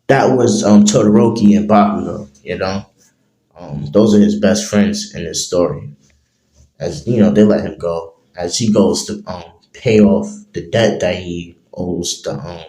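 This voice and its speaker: Slow, rambling male storyteller. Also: low-pitched, dark tone. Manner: rambling, many fillers and "as he's like". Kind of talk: improvised fan story narration. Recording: roomy echo.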